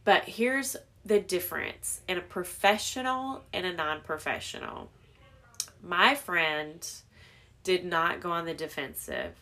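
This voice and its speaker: A woman's voice: on the low side, sing-song, measured pace, sharp tone. A young adult woman hosting a podcast alone, talking candidly and reflecting on herself in a casual, conversational way with many fillers. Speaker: podcast host. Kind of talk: casual solo podcast monologue.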